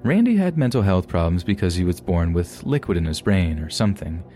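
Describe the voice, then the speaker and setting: Man, deep voice, mellow tone, calm narration of scary stories. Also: brisk, soft background music. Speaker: podcast narrator. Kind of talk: scripted narration of submitted stories.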